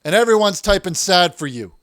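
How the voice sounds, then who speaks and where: A man's voice: sits high, animated, a little fast, fairly bright tone, no room sound, studio quality. A man hosting a comic call-in show, self-righteous and defensive as he lectures his callers.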